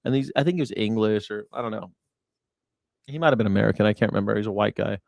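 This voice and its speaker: A man's voice: fairly low pitch, fast talker, vocal fry, a little mellow, no echo. Guy hosting a chatty reaction show, blunt and swears a lot, dry close sound. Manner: blunt, profane storytelling. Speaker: host. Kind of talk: casual commentary.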